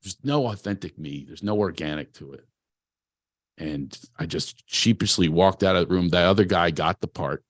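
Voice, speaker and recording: This man speaks a little low, confessional and self-deprecating as he tells stories from his own life. His talk is loose and full of restarts, like an unscripted motivational speech. The sound is dry and close, with almost no room in it. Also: moderate pace, dry recording. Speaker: producer and speaker at a talent event. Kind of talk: candid motivational storytelling talk.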